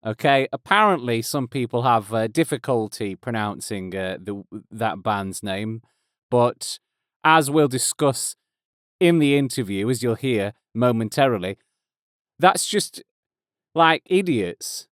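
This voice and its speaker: A man's voice: mid-range voice, animated, unhurried, fairly bright tone, clear, resonant tone, dry recording. A man in his thirties hosting a casual podcast intro, rambling and self-deprecating on a close mic. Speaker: host. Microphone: close studio mic.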